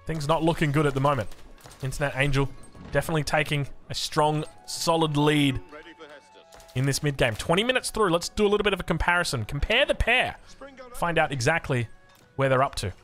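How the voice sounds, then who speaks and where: Bright, lively Australian male caster. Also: fairly high pitch. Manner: jokey, punning, self-deprecating. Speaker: game caster. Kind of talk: live match commentary.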